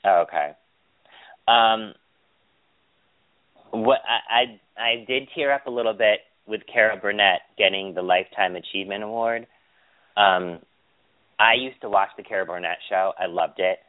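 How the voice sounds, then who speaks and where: A man's voice: lowish voice, moderate pace, long pauses. A man co-hosting a casual podcast chat, gossipy and blunt, swearing freely. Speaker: podcast co-host. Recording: tinny phone-like line.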